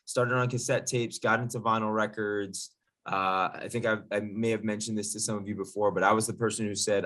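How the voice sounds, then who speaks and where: A man's voice: lowish voice, fairly even intonation, a little fast, fairly bright tone. A man as a DJ instructor, leading a casual online workshop in an upbeat, chatty, jokey way over a video call.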